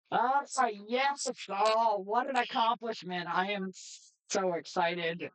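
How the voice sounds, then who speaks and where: A woman streamer giving excitable, chatty live gameplay commentary. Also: medium pitch, extremely slow, long pauses, rough recording. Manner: excitable, chatty, laughs often.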